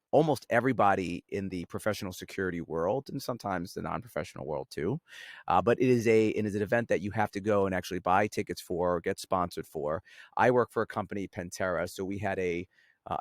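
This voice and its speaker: A man with a New York accent talks as a podcast guest, patiently explaining and tagging on "right?". His voice is deep, and the sound is dry and close. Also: fast talker, dry recording. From Staten Island, New York. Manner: explanatory, uses "right?" often. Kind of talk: casual chat.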